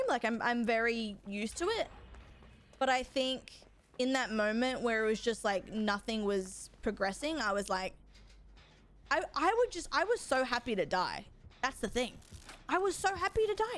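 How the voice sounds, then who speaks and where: A woman's voice: a little high, lively intonation, normal speed, fairly bright tone. A young woman, chatting casually with her chat while gaming, rambling and swearing freely. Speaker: streamer.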